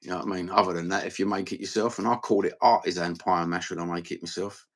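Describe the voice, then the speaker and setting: Gravelly, sweary East London bloke. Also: male voice, sits low, steady tone, fast. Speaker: live-stream host. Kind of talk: rambling live-stream chat.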